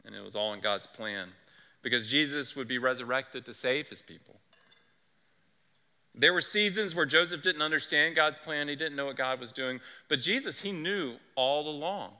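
Bright-voiced male pastor preaching. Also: medium pitch, normal speed, big-room sound. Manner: conversational, earnest preaching. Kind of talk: sermon. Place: church sanctuary.

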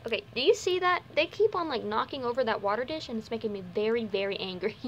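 A woman's voice: lively intonation, fast talker, highs cut off, a little hiss or hum. A young woman vlogging at home by a bunny cage. She talks casually to her viewers and coos and scolds the pets in a sing-song voice, with the camera resting on her knees. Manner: chatty, coos and scolds pet bunnies in a high sing-song voice. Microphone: handheld camera set on her knees.

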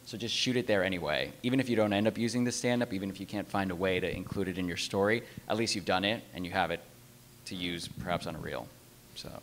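A man's voice: deep voice, fast talker, fairly bright tone, slight background noise. A man with a neutral American accent, a television news reporter, speaking matter-of-factly about his work to a class. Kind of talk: sharing experience in a class.

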